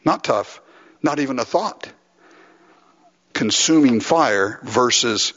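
Male pastor, grew up in LA, husky voice, very lively pitch, acts out prayers, lo-fi hall recording. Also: slow pace, long pauses. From Los Angeles. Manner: animated, acts out prayers, chuckles often. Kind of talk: sermon. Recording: lo-fi with long hall reverb.

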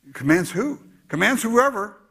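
A man preaching a sermon in a husky, slightly raised voice. His pitch swings widely, sinking low for hushed asides and climbing high when he presses a point. He talks to a congregation in an animated, exhorting way. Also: normal speed. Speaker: pastor.

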